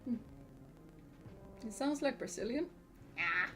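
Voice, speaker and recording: A woman's voice: fairly high pitch, lively intonation, takes it slowly, a bit bright, soft background music. Giggly woman chatting on stream. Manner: chatty, giggly, answers chat comments. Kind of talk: casual live-stream chat.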